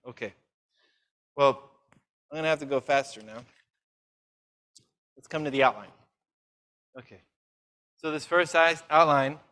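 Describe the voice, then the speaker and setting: A man preaching a conference sermon, lively and self-mocking, firing questions at the audience. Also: fairly high pitch. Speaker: conference speaker.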